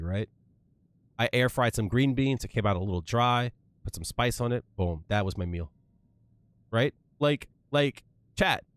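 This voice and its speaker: Animated casual streamer man. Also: fairly low pitch, no room sound. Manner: animated, swearing, rising to worked-up rants. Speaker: livestreamer. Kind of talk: casual livestream chat.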